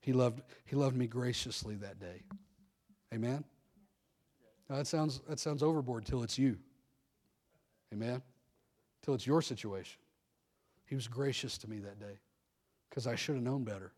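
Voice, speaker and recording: A man's voice: medium pitch, moderate pace, pauses often, darkish tone. A middle-aged male pastor preaching a sermon, telling candid personal stories and calling for amens. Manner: preaching with call-and-response amens, candid storytelling.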